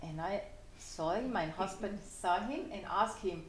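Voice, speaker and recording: A woman from El Salvador, serving as ambassador, telling a relaxed personal story at a forum. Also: medium pitch, measured pace, slight background noise. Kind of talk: anecdotal speech at a forum. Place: conference hall. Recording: roomy hall sound.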